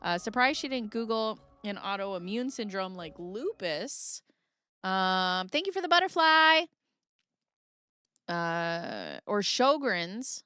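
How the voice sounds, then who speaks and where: A woman's voice: medium pitch, sing-song, slow pace, pushed and bright, clean tone, no room sound, studio quality. A woman chatting casually on a livestream, reading viewer comments and joking sarcastically, with frequent laughter.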